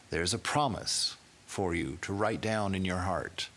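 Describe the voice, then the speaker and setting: A swami giving an emphatic sermon, building through rhetorical questions. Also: male voice, deep voice, slow pace, fairly bright tone.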